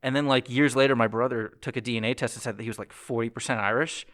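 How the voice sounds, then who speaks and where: A young man hosting a podcast, chatting casually and acting out quotes in lively bursts. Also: fast. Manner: animated storytelling, acts out quotes with pitch jumps. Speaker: podcast host. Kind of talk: casual chat.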